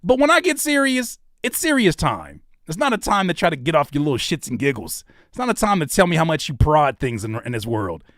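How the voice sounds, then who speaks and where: A man in his thirties, a rapper and YouTuber, reacting to comments in an animated comedic rant, mocking and teasing with sudden loud outbursts. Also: on the high side, brisk, few pauses, no room sound, studio quality.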